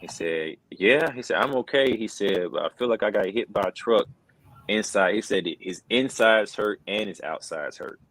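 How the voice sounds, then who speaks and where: Middle-aged male interview guest, very deep voice, earnest and casual, lots of "bro". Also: moderate pace, rough recording. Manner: earnest, says "bro" and "man" a lot, many restarts. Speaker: wrestling commentator, interview guest. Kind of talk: casual conversational storytelling.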